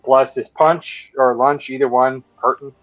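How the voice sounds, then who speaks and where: A man's voice: mid-range voice, steady tone, measured pace, a bit bright, dry recording, low-quality recording. A man playing a tabletop game, joking around and stammering over the rules. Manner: jokey, panicky outbursts, stammers on rules. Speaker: player. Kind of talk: casual tabletop game play.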